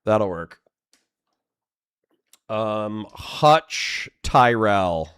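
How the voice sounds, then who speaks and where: A man chatting casually on a livestream, addressing his viewers directly and cursing freely. His speech is slow and drawn out, with a lively pitch that swings wide as he keeps cracking up with laughter. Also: smooth. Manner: giggly, profane, breaks into laughter often; talks to his chat audience directly. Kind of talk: casual livestream reaction chat.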